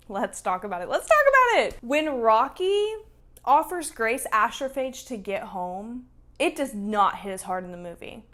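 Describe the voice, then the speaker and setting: A woman's voice: a little high, lively intonation, a little slow, fairly bright tone. A woman ranting about a book and its film in a casual vlog, emphatic and freely profane. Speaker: book reviewer. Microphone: camera mic.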